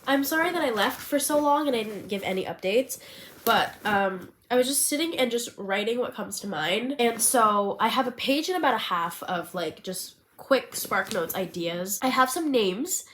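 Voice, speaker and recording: A woman chatting casually in a vlog about writing a screenplay for fun. She rambles in a bubbly way, fills her talk with "like", and sometimes drops into a soft, hushed tone. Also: a little high, expressive, moderate pace, slight background noise. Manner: bubbly, rambling, full of "like" fillers. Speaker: vlogger and hobby screenwriter.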